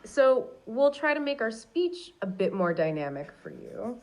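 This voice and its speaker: A woman's voice: fairly high pitch, sing-song, a little slow, darkish tone. A synthetic woman's voice co-hosting a podcast-style chat, upbeat and agreeable, picking up her partner's thoughts. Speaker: AI podcast co-host.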